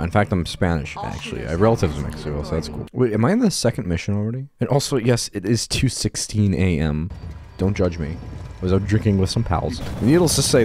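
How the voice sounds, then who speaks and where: Deep-voiced young man rambling over gameplay. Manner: rambling, self-deprecating, sweary, laughs often. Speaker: gaming YouTuber. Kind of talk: casual gameplay commentary.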